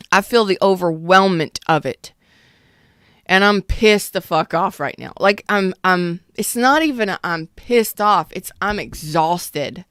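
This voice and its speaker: A woman's voice: lowish voice, a little slow, fairly bright tone, clean tone, dry recording, clean studio sound. A woman in her thirties giving a casual tarot reading, blunt and emphatic, swearing freely. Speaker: tarot reader.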